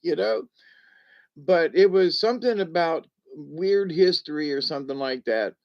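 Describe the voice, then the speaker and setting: A man's voice: a little high, expressive, unhurried, creaky, highs cut off. A man in his seventies hosting a casual livestream, chuckling often and rambling with restarts as he reads the chat. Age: 70s. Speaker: livestream host reading chat.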